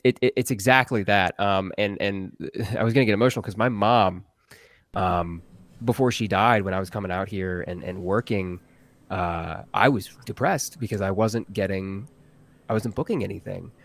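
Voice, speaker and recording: A man, a voice actor guest on a live-stream interview, talking earnestly and haltingly with many restarts. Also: fairly low pitch, no echo.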